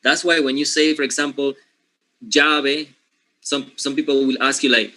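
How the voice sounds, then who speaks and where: Bright-voiced teacher with a Latin American Spanish accent. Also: male voice, medium pitch, fairly even intonation, moderate pace, poor audio. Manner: talks in loose restarts, checking in with "okay?" and "right?". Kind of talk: live online class lecture.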